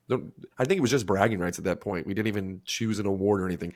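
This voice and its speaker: Man, low voice, casual podcast chat, profane, animated storyteller. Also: quick pace. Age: adult, married. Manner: animated storyteller, swears freely, acts out quotes. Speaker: podcast co-host.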